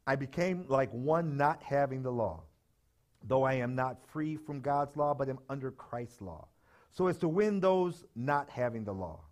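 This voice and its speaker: A man preaching a sermon to a live congregation, leading call-and-response and breaking into loud shouts. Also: medium pitch. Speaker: pastor. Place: church sanctuary with live congregation.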